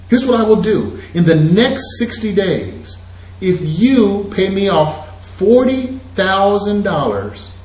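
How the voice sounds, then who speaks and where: Excitable guy lecturing a crowd, voice jumps all over, muffled roomy recording. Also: fairly high pitch. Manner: animated, preachy, addresses audience directly. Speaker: real estate investing instructor. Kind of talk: energetic seminar talk. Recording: echoey lo-fi room recording.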